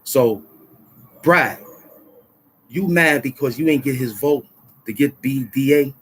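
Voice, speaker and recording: A man's voice: mid-range voice, takes it slowly, husky. A middle-aged man hosting his own vlog, ranting about politics in heated street slang and repeating phrases for emphasis. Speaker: vlog host. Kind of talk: casual political rant to camera.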